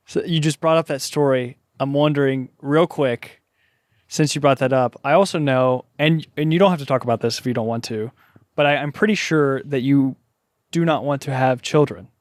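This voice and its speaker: A man's voice: mid-range voice, normal speed, no echo, studio quality. A man hosting a podcast outdoors, affirming his guest and asking questions hesitantly. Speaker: podcast host. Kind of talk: casual chat. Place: outdoor backyard.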